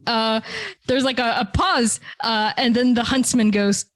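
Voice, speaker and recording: A woman's voice: sits high, expressive, a little slow, fairly bright tone, no room sound, clean studio sound. Laid-back woman game master. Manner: casual, laughing, many fillers. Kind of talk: narrating a tabletop game.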